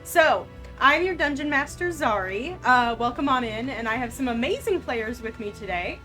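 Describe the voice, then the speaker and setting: A woman game master talking with her players over an online call, chatty and laughing often, narrating the scenes in a steady storyteller's read. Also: a little high, moderate pace, soft background music. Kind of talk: narrating a tabletop game on a live stream.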